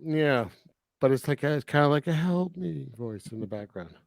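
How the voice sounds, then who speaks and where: A man's voice: medium pitch, brisk, no room sound. A man co-hosting a podcast, chatting casually about a movie, laughing and acting out scenes. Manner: animated, laughs and acts out characters. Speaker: podcast co-host. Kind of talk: casual film review chat.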